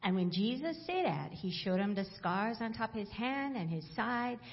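A woman's voice: mid-range voice, lively intonation, normal speed, dull audio. A woman with a Hawaiian Pidgin accent reading scripture aloud verse by verse in church. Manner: reads aloud verse by verse, playful. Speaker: pastor's wife reading scripture.

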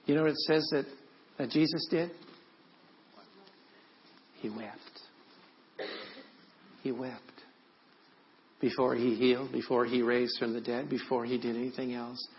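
A man's voice: mid-range voice, level tone, muffled recording, slight background noise. A man in his sixties, a pastor preaching a sermon, telling stories with earnest feeling. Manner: storytelling, drops to soft and slow when emotional.

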